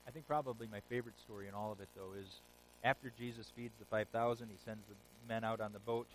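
A man preaching a sermon, retelling scripture stories in a lively, casual modern way. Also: on the low side, fast, a little hiss or hum, rough recording. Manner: animated storytelling, paraphrasing scripture in casual modern speech.

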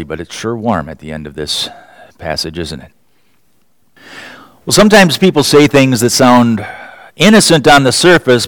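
A man's voice: medium pitch, dry recording. A man preaching a sermon in a conversational way, often asking rhetorical questions and chuckling. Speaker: pastor.

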